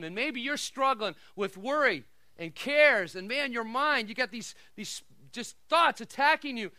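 Man, middle-aged, preacher, very high voice, bright and forceful, dry close sound. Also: lively intonation, measured pace, no echo. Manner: preaching with shouts, laughs and asides to the congregation. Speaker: pastor. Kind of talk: sermon.

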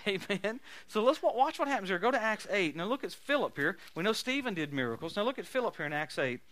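A man preaches a sermon filled with healing testimonies in a high, bright, forceful voice, laughing along and breaking into loud, emphatic bursts. He speaks fast, and the close recording is dry, with hardly any room sound.

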